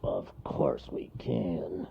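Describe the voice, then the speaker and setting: A gruff, growling bear from a storybook, as a man reads him out, slow and curt. The voice is gravelly and sits low, and the recording sounds dull and lo-fi. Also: wildly swooping pitch, heavily acted. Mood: grumpy. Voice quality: growling, snarling. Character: gruff grumpy big male bear.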